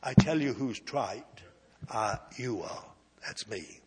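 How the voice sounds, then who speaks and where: A man preaching a sermon, telling a personal story with slow, emphatic delivery and big swings from loud to quiet. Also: mid-range voice, expressive, very noisy. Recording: long hall reverb.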